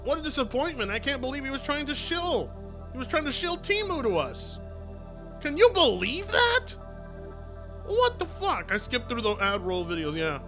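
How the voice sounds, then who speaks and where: A man chatting casually on a live stream, excitable, joking and swearing. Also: very high-pitched, moderate pace, soft background music.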